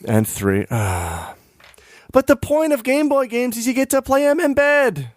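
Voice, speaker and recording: A man of middle pitch hosts a podcast, rambling through recommendations with a lot of ums and uhs. His voice jumps up and down in pitch, and the sound is dry and close. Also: sing-song, unhurried, no echo. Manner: rambling, filler-heavy, easily flustered. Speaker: podcast host. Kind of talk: casual chat.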